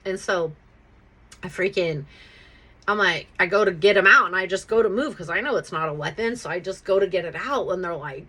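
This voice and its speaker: A woman with a bright, sharp, ringing voice at a middle pitch, telling her own story casually. She swears freely and speaks with animation, tossing in "right?" as she goes. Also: normal speed. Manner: profane, animated, keeps checking in with "right?". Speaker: podcast host telling her life story.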